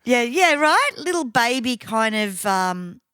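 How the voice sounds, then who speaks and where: An Australian woman co-hosting a podcast, telling a story in casual, profane, animated chat. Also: on the high side, takes it slowly, smooth, no room sound, studio quality. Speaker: podcast co-host.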